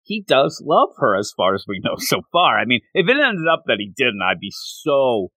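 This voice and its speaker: A man in casual chat, recapping a manga and jumping into high voices to quote its characters. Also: moderate pace, husky, no echo. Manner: animated, jumps into high voices quoting characters. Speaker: podcast co-host.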